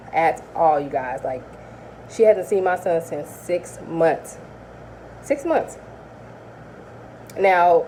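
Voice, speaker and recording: A woman's voice: lowish voice, mellow, low-quality recording. A young woman telling a personal story to her viewers, acting out both sides of the conversation. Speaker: vlogger. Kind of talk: casual storytelling. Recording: faint background noise.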